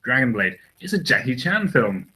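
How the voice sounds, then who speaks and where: Guy rambling on a podcast, lots of restarts and ums, mid pitch voice. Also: very animated, normal speed, pushed and bright, rough recording. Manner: rambling, hesitant, many restarts. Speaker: podcast co-host. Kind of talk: casual chat.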